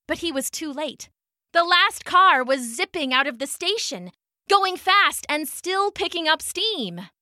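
Female storyteller, children's read-aloud, bright and lively, dry close sound. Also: fairly high pitch, no room sound. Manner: animated, expressive reading with sound-effect words.

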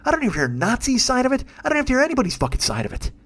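A man's voice: extremely high pitch, wildly swooping pitch, very fast, a bit bright. A man in his fifties hosting a solo podcast, ranting bluntly and heatedly with constant swearing. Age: 50s. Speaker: podcast host.

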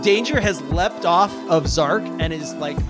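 A man running a tabletop game as its narrator, his voice a little high. He rambles and backtracks through each description. Music plays clearly behind him. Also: unhurried. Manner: rambling, filler-heavy narration. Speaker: game master.

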